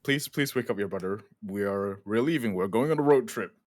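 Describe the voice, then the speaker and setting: A tabletop player voicing an earnest, hurried man who acts as an uncle to children. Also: medium pitch, a little mellow, a little hiss or hum, close to an everyday voice. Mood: coaxing.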